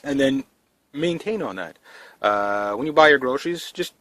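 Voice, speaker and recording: A man's voice: mid-range voice, expressive, moderate pace, fairly bright tone, no echo. A man vlogging casually to camera about prepping, talking in a rambling, down-to-earth way with lots of fillers and restarts. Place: indoors in a trailer.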